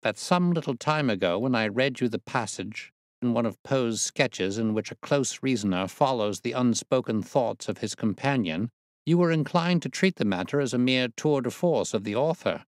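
A man reading a storybook voicing a sharp, amused male detective who explains his reasoning precisely. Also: medium pitch, expressive, normal speed, dry recording, studio quality, pitched above the performer's own voice, natural voice. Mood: amused, explaining. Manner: precise, explanatory, lightly teasing. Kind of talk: audiobook reading.

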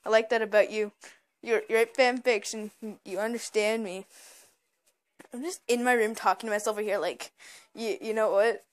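A woman's voice: on the high side, fairly even intonation, normal speed. A young woman rambling hyperly in a casual vlog, stammering and repeating herself. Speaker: vlogger.

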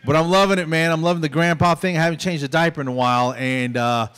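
A man's voice: fairly high pitch, fairly even intonation, fast talker, a bit bright, clean tone. A middle-aged man performing a stand-up comedy set on stage in a conversational, self-deprecating way. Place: stage at a small venue.

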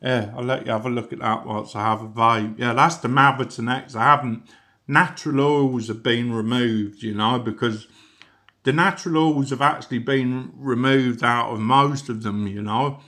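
A man's voice: mid-range voice, fairly even intonation, normal speed, sharp tone. A man giving a casual, rambling product review, chatty and full of asides. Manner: rambling, chatty, peppered with "you know".

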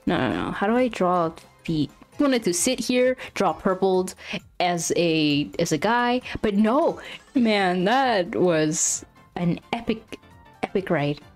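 Flustered young woman streaming, slow talk. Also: fairly low pitch, expressive, faint music behind. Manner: flustered, apologetic, frequent laughing exclamations. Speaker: streamer drawing live. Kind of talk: live stream chat.

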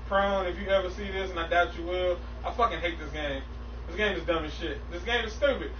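A man's voice: sits high, brisk. A man streaming a game, ranting in frustration with heavy cursing. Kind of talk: ranting gameplay stream chat. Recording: echoey, distant, muffled stream audio with faint noise.

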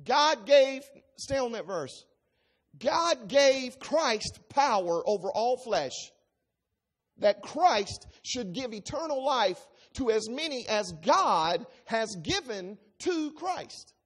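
Reading scripture aloud, this preacher unpacks it line by line with emphasis in an expository Bible-teaching sermon. The delivery is slow and sing-song, in a mid-range voice.

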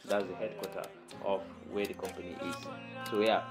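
A woman's voice: very deep voice, little pitch movement, fairly quick. A woman chatting casually to viewers about celebrity news. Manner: chatty, addresses viewers as guys. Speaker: entertainment news vlogger. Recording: music playing under the voice.

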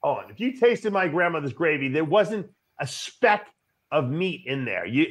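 A man hosting a podcast in casual chat, telling stories in an animated way. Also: fairly high pitch, normal speed. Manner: animated storytelling, laughs often. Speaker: podcast host.

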